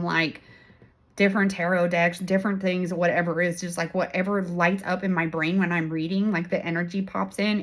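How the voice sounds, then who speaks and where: A woman talks straight to the camera in a casual tarot-reading vlog. She is blunt and swears freely, laughing often as she goes. Her voice jumps between loud, excited bursts and quiet, hushed asides. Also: on the low side. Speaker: tarot reader and channel host.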